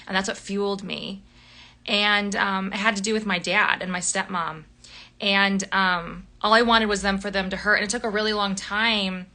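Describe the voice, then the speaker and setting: A young woman hosting a live book club, chatting animatedly about a novel, laughing often and filling pauses with ums. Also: medium pitch, bright, forceful tone. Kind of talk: casual book chat on a livestream.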